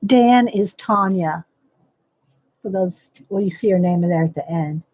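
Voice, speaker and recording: Hosting a casual live coloring tutorial, a woman thinks aloud as she works and greets viewers by name. Her lowish voice is unhurried and darkish, with no echo.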